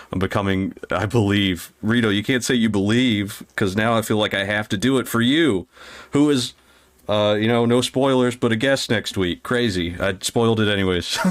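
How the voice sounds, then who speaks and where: A man's voice: fairly low pitch, fairly bright tone, no room sound. A man hosting a podcast in casual chat, nervous, giggly and self-deprecating. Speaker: podcast host.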